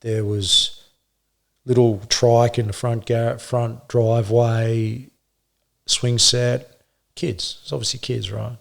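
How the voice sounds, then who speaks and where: A middle-aged man, a former police officer, telling his story in an interview with blunt swearing and halting restarts. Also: medium pitch, level tone, gravelly. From Australia.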